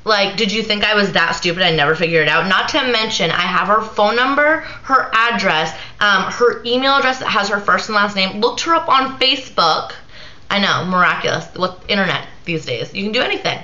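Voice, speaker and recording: A woman's voice: medium pitch, animated, brisk, bright, forceful tone. A tired young woman venting in a rambling vlog, full of "like" fillers. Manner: ranting, lots of "like" fillers. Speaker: vlogger. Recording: echoey room, slightly dull sound.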